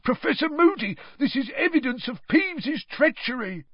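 Audiobook: shrill, fussy old male caretaker, played by a man, high and whiny, dull dry sound. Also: animated, normal speed, dry recording. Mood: indignant.

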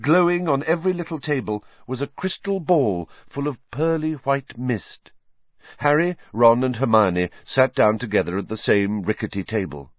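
A man reading a novel aloud as an expressive audiobook narrator. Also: medium pitch, moderate pace, no room sound, dull audio. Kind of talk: scripted narration.

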